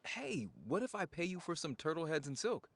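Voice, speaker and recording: An actor voicing a friendly young villager in a cozy video game, earnest and warm in manner. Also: male voice, a little high, very animated, fairly quick, vocal fry, no room sound, heavily acted. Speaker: game character. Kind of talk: game voice acting.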